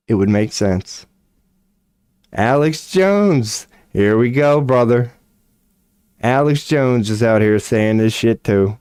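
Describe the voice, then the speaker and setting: Animated, profanity-laden man ranting. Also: mid-range voice, clean tone, no echo, studio quality. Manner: profane, incredulous, laughs often. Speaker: streamer. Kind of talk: casual ranting commentary.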